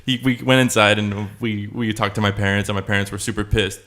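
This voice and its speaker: Low-voiced man telling a rambling story. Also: steady tone, fairly quick, a bit bright. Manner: rambling storytelling with frequent laughter and filler words. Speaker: podcast co-host. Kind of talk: casual chat.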